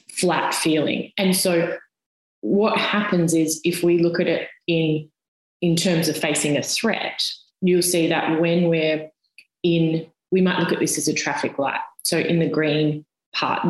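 A woman, a physiotherapist guest on a podcast, explaining things step by step with everyday comparisons. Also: sits low. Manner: patient step-by-step explaining with analogies. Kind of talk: explanatory interview talk. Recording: roomy echoey sound.

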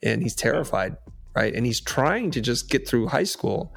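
A man talking as a podcast guest and coach, telling stories in an animated, emphatic way. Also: mid-range voice, moderate pace, gravelly, soft background music. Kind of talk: storytelling in conversation.

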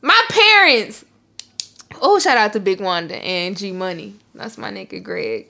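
A young woman co-hosting a podcast, telling stories in a profane, animated way and breaking into shouted outbursts. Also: mid-range voice, a little slow, vocal fry. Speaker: podcast co-host. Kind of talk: casual chat.

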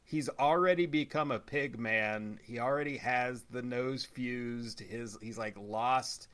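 A man with a bright, forward voice chatting casually about a show. He retells scenes with plenty of "like" fillers and laughs often along the way. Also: mid-range voice, slow. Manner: animated retelling, many "like" fillers, frequent laughter. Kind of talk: casual chat.

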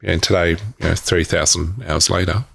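Guest: man in his forties, very deep gravelly voice, frank storyteller who restarts his sentences and swears now and then. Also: fairly even intonation, normal speed, a bit bright. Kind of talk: candid personal storytelling.

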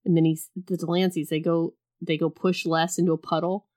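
A woman co-hosting a podcast, chatting casually about a film, animated and joking, often breaking into quick laughs. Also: fairly low pitch. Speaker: podcast co-host.

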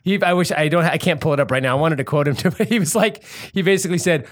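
High-voiced, jokey male co-host. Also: quick pace, hardly any pauses. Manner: jokey storyteller, laughs often, slips into mocking voices. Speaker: podcast co-host. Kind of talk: casual comedic banter.

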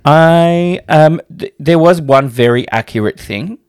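A man's voice: a little high, measured pace, darkish tone, smooth. A man co-hosting a podcast in casual chat, rambling and hesitant, swearing freely. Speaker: podcast co-host.

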